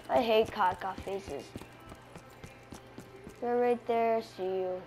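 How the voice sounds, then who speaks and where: A young woman commenting casually on her online shooter match, chatty with sudden excited outbursts, tired and yawning with a slight cough. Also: mid-range voice, extremely slow, long pauses. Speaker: gamer. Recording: game music playing clearly behind.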